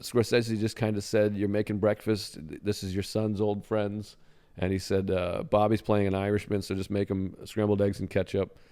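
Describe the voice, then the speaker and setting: A man's voice: lowish voice, flat delivery, normal speed, dark tone, clear, resonant tone. Man quoting movie lines eagerly. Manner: enthusiastic, quotes lines in character. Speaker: guest comedian. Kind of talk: casual podcast chat.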